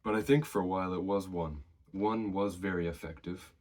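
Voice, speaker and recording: A man with a low voice shares his own workout tips at a moderate pace. As a fitness vlogger, he keeps it relaxed and conversational, drawing on personal experience while sounding slightly out of breath.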